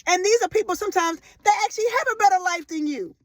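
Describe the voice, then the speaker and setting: A fast-talking woman in her forties, barely pausing, gives a faith-driven motivational talk. Her high, ringing voice pushes repeated phrases with fervent force and breaks into loud, emotional peaks. The audio is dry and close-miked, with no room echo.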